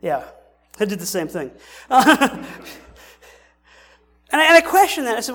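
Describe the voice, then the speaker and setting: A man's voice: extremely high pitch, very animated, unhurried, long pauses, pushed and bright. A male pastor preaching a sermon in a conversational way, asking rhetorical questions and often restarting his sentences.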